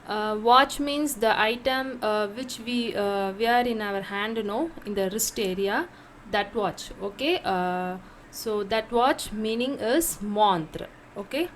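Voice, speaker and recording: In a slow vocabulary lesson, a French teacher with a high voice says each word several times and asks herself "how to pronounce?". There's a little hiss or hum in the audio.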